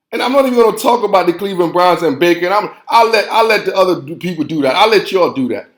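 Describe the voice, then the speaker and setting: A man's voice: a little high, echoey room. A man hosting a football show, ranting in a heated, preachy way and repeating himself. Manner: fired-up, preachy, repeats phrases and says "man" constantly. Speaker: sports show host.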